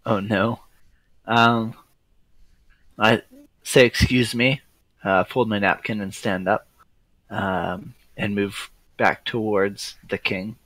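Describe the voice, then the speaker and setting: A man playing a tabletop role-playing game, speaking hesitantly and softly with frequent fillers. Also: on the low side, fairly even intonation, slow pace, pauses often. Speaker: player. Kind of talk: casual tabletop game play. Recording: dry, close sound.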